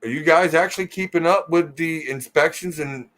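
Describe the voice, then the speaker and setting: A man's voice: a little high, normal speed, fairly bright tone. Male streamer host, casual and teasing, reads chat comments aloud, easygoing style drawl. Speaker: livestream host reading viewer comments.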